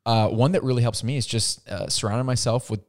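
A man co-hosting a casual podcast chat, relaxed and often repeating words as he starts a sentence. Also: medium pitch, fairly quick. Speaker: podcast co-host.

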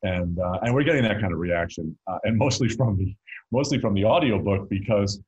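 A man's voice: lowish voice, fairly quick, a little mellow, slightly rough, highs cut off. A middle-aged man from North Carolina, a guest in an interview, telling stories in a rambling, joking way with frequent restarts. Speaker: guest musician and author. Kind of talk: casual interview storytelling.

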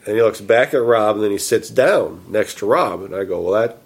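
A man casually telling a story, animated and quoting himself and his friends. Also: lowish voice, brisk, husky.

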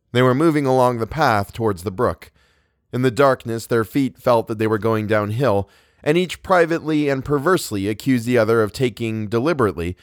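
A man narrating a novel as an audiobook in a measured, unhurried way. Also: mid-range voice, no echo, clean studio sound. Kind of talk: audiobook reading.

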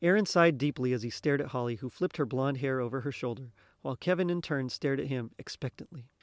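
A man narrating a story chapter in a steady, expressive reading voice. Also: mid-range voice, brisk, dry recording. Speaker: reader.

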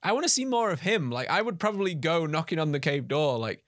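A man's voice: a little high, lively intonation, fast, fairly bright tone, no echo, studio quality. A man co-hosting a podcast in casual chat, teasing and laughing as he tells a story. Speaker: podcast co-host.

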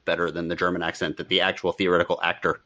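A man's voice: low-pitched, monotone, racing, pushed and bright. A man co-hosting a podcast, chatting casually and rambling about a bad movie, laughing often. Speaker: podcast co-host. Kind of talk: casual movie-review chat.

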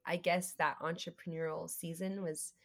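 Female guest, lowish voice, animated storyteller who acts out quotes. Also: moderate pace, gravelly. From United States. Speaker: guest, creative entrepreneur. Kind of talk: faith podcast conversation.

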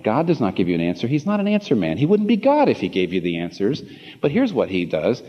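A man's voice: fairly low pitch, wildly swooping pitch, fast talker, husky. Impassioned male preacher in a reverberant hall. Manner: impassioned, building to emphatic rhetorical questions. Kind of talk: sermon. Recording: dull reverberant hall recording.

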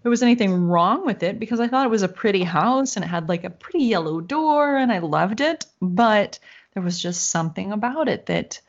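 A woman telling a long personal story in casual conversation, animated, laughing now and then and acting out the voices she quotes. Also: mid-range voice, brisk. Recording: dull lo-fi sound.

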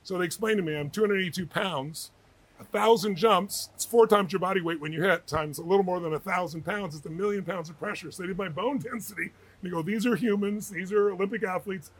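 A middle-aged author and speaker with a high voice talks fast as an interview guest. His storytelling is animated, full of energy and emphasis, and he acts out the people he quotes.

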